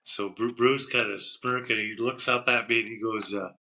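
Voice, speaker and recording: A man's voice: medium pitch, steady tone, moderate pace, pushed and bright, low-quality recording. A middle-aged man and former hockey goalie, a podcast guest who tells a long, rambling story. He keeps repeating "I said" and "he goes" and chuckles as he goes. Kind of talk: casual storytelling interview.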